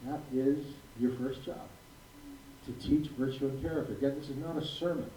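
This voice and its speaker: A man's voice: mid-range voice, fairly even intonation, normal speed, dark tone. A man in his sixties, a physician giving a prepared talk to a live audience, speaking emphatically and repeating key phrases for weight. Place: school hall. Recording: roomy, distant mic with faint noise.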